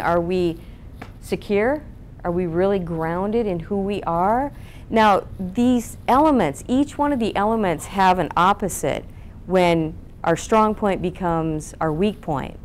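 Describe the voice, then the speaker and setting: Expressive woman coaching a seminar group. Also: on the low side, slow, a little hiss or hum. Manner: expressive, asks the room questions, acts out flat and lively voices. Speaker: public speaking coach. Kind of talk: seminar talk to a live group. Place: seminar room.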